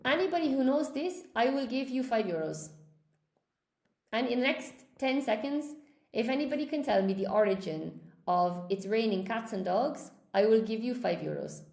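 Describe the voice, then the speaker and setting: Woman teaching english live, gravelly voice, bit high, echoey room, chatty and upbeat with viewers. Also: animated, moderate pace, a little mellow. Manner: chatty, encouraging, talks straight to viewers. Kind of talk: live-streamed lesson, reading viewer comments.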